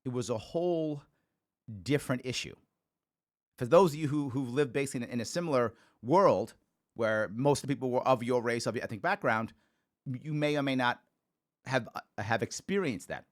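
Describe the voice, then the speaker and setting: A man's voice: mid-range voice, moderate pace. A man in his forties from the Bronx, hosting a call-in talk show and telling stories in a conversational, thinking-aloud way. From the Bronx, New York.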